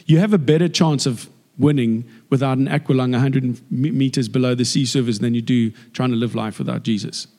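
A man preaching a sermon in a chatty, jokey, animated way. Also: medium pitch, fairly quick, few pauses. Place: church hall. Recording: echoey hall with long reverb.

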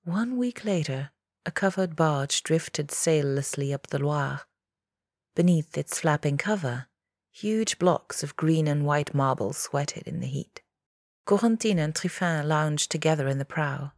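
A woman narrating a fantasy short story, shifting into soft whispers and sudden raised cries for the characters. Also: low-pitched, expressive, a little slow, dry recording, clean studio sound. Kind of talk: scripted narration.

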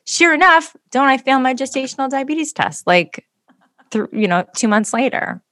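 A woman in casual chat, telling a story in an animated way and acting out the people in it. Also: high-pitched, normal speed, dry recording, clean studio sound. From Canada. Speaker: podcast co-host.

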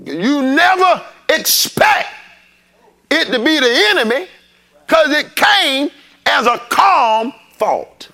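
A man preaching a sermon, calling out to the congregation and rising into shouts. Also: very high voice, sing-song, slow pace. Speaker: pastor. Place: church sanctuary.

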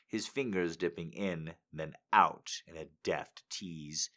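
Deep, slow-reading male storyteller. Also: bright, forceful tone. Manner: deliberate, sensual storytelling with dips into near-whisper. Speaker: host reading excerpts aloud. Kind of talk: dramatic reading on a live stream.

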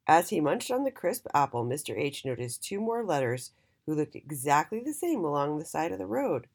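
Woman, children's storybook narration, expressive, very lively melody, husky. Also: sits low, moderate pace.

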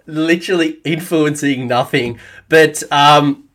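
A man's voice: fairly high pitch, slow pace, a bit bright. A man with an Australian accent hosting a podcast, chatting casually and telling jokey stories. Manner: jokey, laid-back storytelling. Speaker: podcast host. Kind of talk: casual chat.

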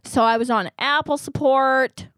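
A woman chatting on a casual podcast, slightly higher-pitched than average, with a close, dry sound. She tells stories animatedly and acts out the people she quotes. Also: measured pace, dry recording. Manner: animated storytelling, acting out quotes. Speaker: podcast co-host. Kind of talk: casual chat.

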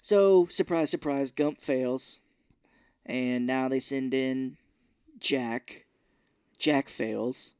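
A man's voice: mid-range voice, extremely slow, pauses often, darkish tone, clear, resonant tone, dry recording, clean studio sound. A man casually recapping a film scene by scene on a podcast, laughing often and dropping into mock voices for the characters. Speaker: podcast co-host. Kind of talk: casual movie recap chat.

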